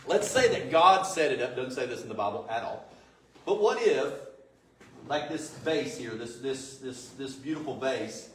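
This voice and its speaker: Male pastor, conversational sermon full of rhetorical questions; distant mic in a roomy church. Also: a little high. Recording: echoey room, distant mic, faint noise.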